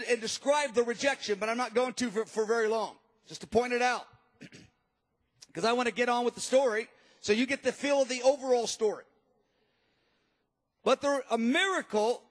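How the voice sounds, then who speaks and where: High-pitched guy preaching, animated storytelling, long hall echo. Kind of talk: sermon. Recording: long reverb of a large hall.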